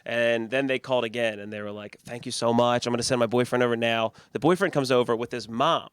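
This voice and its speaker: A man's voice: medium pitch, steady tone, quick pace, clear, resonant tone, no echo, clean studio sound. Young man telling rambling stories. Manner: rambling storyteller, laughs often. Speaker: podcast host. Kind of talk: casual chat.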